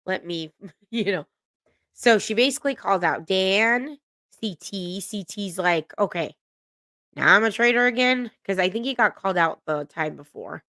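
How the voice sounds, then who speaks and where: A woman's voice: medium pitch, lively intonation, moderate pace, pushed and bright, no echo, studio quality. Gossipy woman recapping reality TV. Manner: laughing, gossipy, swears freely. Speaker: reality show recap host. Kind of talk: casual recap commentary.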